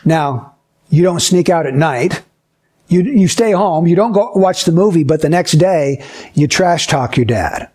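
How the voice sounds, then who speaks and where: Male Bible teacher, high voice, talks to kids and acts out little scenes as examples. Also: animated, measured pace, darkish tone, slightly rough. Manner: asks the listeners questions and acts out short scenes. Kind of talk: Bible lesson for children.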